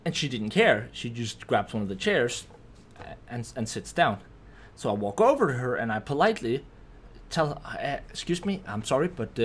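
A young man recounts a story for his vlog in a lively voice that swings high and low. His delivery is animated and full of swearing, and he keeps tacking on "right?". There is a faint hiss of noise behind him. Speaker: vlogger.

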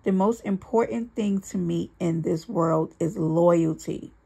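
A woman voicing a smug man who mocks with feigned innocence, in a creaky, husky voice, in a read-aloud story. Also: fairly low pitch, unhurried, mellow, heavily acted. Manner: mocking, cool.

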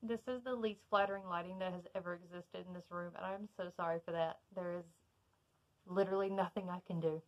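A woman's voice: on the low side, brisk, lo-fi sound. Southern woman, chatty book vlogger, gushes over each item, casual unboxing in her bedroom. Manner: chatty, excitable, gushing. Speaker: book YouTuber. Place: bedroom at home.

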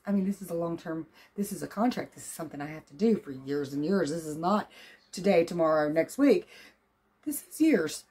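A woman chatting casually to her phone camera as a vlogger, folksy and quick to laugh. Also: mid-range voice, warm tone, slightly rough. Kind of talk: casual vlog chat. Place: outdoors at a car lot, then at home.

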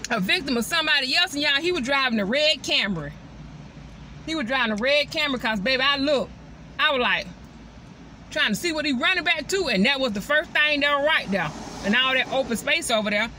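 A woman and mother chatting casually to her viewers from inside her truck, animated and constantly addressing them directly. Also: high voice, brisk, a little hiss or hum. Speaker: vlogger and mother.

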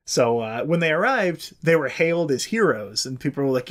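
A man's voice: fairly high pitch, sing-song, moderate pace. A man hosting a podcast, telling a history story in a loose, profane, chatty way. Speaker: podcast host. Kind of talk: casual storytelling.

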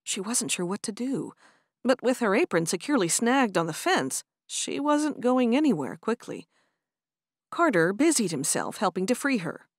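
A woman narrating a romance audiobook in an expressive storytelling manner. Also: medium pitch, normal speed, no room sound, studio quality. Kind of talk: scripted narration.

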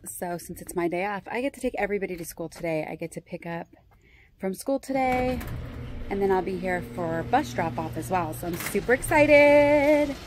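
A woman talks through her family morning for a vlog. She switches between chatting to the camera and firmly guiding her small child. Street noise sits clearly behind her voice. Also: on the low side, a little mellow. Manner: chatty, scolding then coaxing her toddler. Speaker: vlogger and mother. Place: outdoors by a street.

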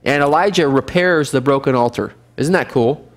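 A man teaching a casual Bible survey class as pastor, lively and animated, acting out scenes now and then. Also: moderate pace. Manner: lively, animated, acts out scenes with sudden high shouts and laughs. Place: church fellowship room.

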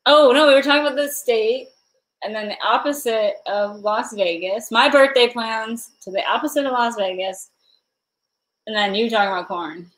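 A woman's voice: a little high, moderate pace, a bit bright, poor audio. A woman hosting a casual livestream, giggling constantly and slap-happy tired. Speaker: livestream host.

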